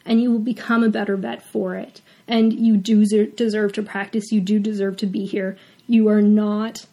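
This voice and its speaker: A woman veterinarian hosting a heartfelt advice talk, earnest and encouraging. Her voice sits a little higher than most. She talks openly, with emotion close to the surface. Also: a little mellow. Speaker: host.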